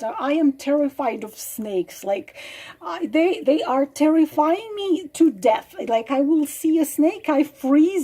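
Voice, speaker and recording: A woman with a high, mellow voice gives relationship advice straight to her viewers. She speaks slowly and earnestly, often pausing, restarting and filling gaps with hesitations. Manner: earnest, halting, many fillers and restarts. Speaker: relationship advice video host. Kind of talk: casual advice monologue to camera.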